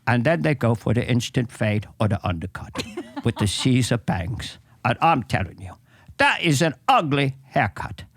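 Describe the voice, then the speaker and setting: A man impersonating a grumpy ninety-year-old male barber, talking slowly and gruffly. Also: mid-range voice, very animated, a bit bright, no echo, voice pushed down. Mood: grumbling. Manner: slow, gruff, swearing.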